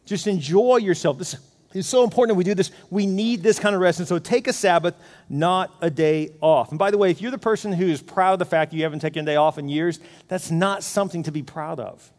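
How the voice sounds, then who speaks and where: A middle-aged man preaching a sermon in a lively, animated way, acting out his own inner voice. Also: sits high, fairly quick. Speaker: pastor. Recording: long hall reverb.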